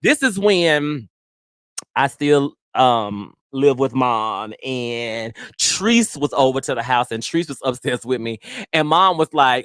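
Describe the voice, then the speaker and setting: A woman hosting a podcast, telling stories in casual chat with a profane, animated manner. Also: sits low, takes it slowly, no echo, studio quality. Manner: profane, animated storytelling with frequent "girl". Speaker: podcast host.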